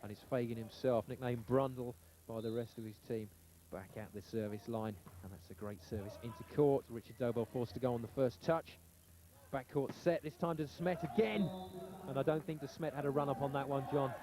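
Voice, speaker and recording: A man calling live play-by-play sports commentary in brisk, excited calls. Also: mid-range voice. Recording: old TV broadcast with audible noise.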